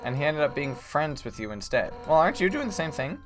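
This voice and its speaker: A man voicing a brash, hot-headed female fish warrior, reading game dialogue aloud in a loud, blunt way. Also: a little high, very animated, quick pace. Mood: earnest. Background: game music.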